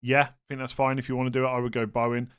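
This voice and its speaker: A man's voice: mid-range voice, completely flat delivery, rapid-fire, a bit bright, clear, resonant tone. Casual man reading live chat questions. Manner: thinks aloud, reads chat, self-mocking humor. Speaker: streamer answering viewer questions.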